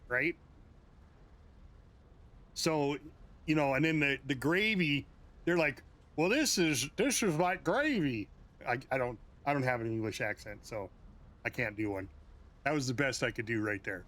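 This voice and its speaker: Responding to comments from his live audience, this US game streamer keeps things casual, chuckling and tossing in asides. His voice is fairly high and a bit bright.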